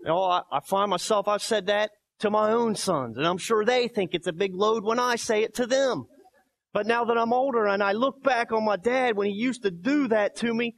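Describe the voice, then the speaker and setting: High gravelly preaching man. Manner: preachy, emphatic, swings between soft quotes and loud barking. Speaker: pastor. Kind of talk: sermon.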